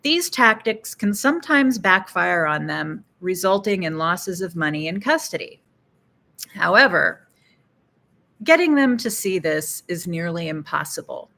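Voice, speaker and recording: Middle-aged woman psychologist, measured slow delivery, crisp bright tone, dry sarcastic asides. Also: fairly low pitch, animated. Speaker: psychologist and channel host. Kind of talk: educational talk to camera.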